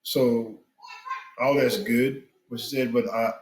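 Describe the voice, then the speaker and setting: A man's voice: mid-range voice, steady tone, slow pace, echoey room, poor audio. Earnest man with preacher-like emphasis. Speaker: guest, spiritual father. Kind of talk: candid podcast conversation.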